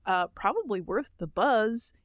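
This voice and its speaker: A woman's voice: medium pitch, animated, no room sound, studio quality. Opinionated woman co-hosting a podcast. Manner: opinionated, quick commentary on ads and politics. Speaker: podcast co-host. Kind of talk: casual chat.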